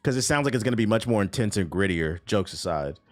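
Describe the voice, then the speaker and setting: A man's voice: lowish voice, quick pace. A man streaming about gaming news, ranting and joking with lots of swearing and sarcasm. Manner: animated, swearing, sarcastic, laughs often. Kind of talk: casual profane reaction rant.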